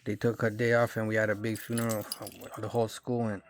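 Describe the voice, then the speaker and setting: A man's voice: fairly low pitch, completely flat delivery, fairly quick, no echo. A man in his thirties telling a rambling dream story in slangy, profane street talk. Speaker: vlogger. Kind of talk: casual storytelling monologue.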